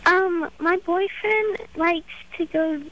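A woman's voice: extremely high pitch, slow, dull audio, a little hiss or hum. A teenage girl calling a radio show who speaks hesitantly in a small voice. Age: teens. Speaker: caller.

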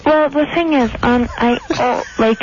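A woman's voice: a little high, a little slow, over music. A woman calling in to a radio advice show, hesitant and anxious, full of fillers. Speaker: caller. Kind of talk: phone call to radio show. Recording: muffled radio call audio.

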